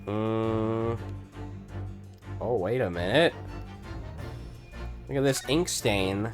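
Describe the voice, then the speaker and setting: A man reading the lines of an eager young male lawyer in a plain, steady voice. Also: fairly low pitch, very slow, voice pushed down. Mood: investigating. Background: video game music.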